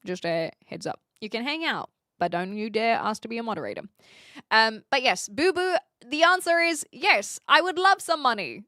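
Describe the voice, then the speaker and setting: A New Zealand woman with a Kiwi accent chats casually on a live stream. Her voice is bright, a little high, and upfront, with frequent laughs. The sound is dry and close, with no room echo. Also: expressive, normal speed. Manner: chatty and upfront, laughs often. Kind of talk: casual live-stream chat answering viewers.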